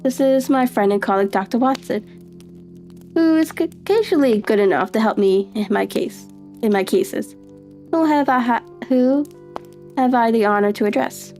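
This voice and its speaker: A woman's voice: on the high side, moderate pace, a little mellow, soft background music, lightly acted. A woman voicing a cool, dry-witted male detective in a live story reading.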